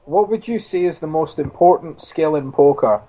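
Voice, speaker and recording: A man's voice: fairly high pitch, moderate pace, dark tone. Easygoing man reading listener mail. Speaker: podcast co-host. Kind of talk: casual chat, reading listener questions.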